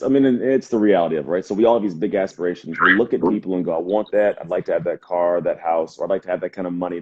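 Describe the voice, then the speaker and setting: A man's voice: fairly low pitch, husky. A man, a motivational speaker, talking energetically in a casual live video chat, acting out quotes as he tells stories. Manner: energetic, fast storytelling with acted quotes. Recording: muffled lo-fi livestream audio.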